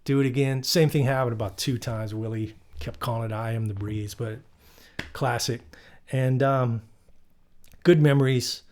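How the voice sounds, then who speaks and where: A man of ordinary pitch hosting a guitar channel. He talks casually and loosely, filling pauses with ums and uhs as he rambles through stories. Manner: relaxed, rambling, many fillers. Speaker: guitarist host. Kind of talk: casual storytelling.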